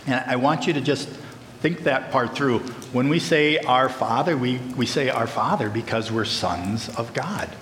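A male pastor preaching with earnest emphasis, turning often to speak straight to his listeners. His mid-pitched voice rings through a large, echoey hall with a long reverb tail. Faint room ambience sits underneath. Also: unhurried, fairly bright tone, a little hiss or hum. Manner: earnest, emphatic, addresses the congregation directly. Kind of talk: sermon.

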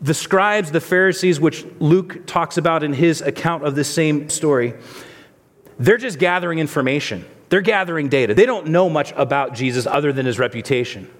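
A man's voice: fairly high pitch, normal speed. A male pastor preaching a sermon in a conversational way, asking the listeners rhetorical questions. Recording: long reverb of a large hall.

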